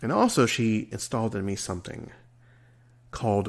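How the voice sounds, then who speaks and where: A man's voice: lowish voice, sing-song, normal speed, pauses often. A man in his forties hosting a solo podcast, earnest and rambling, sometimes stumbling over his words. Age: 40s. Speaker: podcast host. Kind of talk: reflective solo podcast monologue.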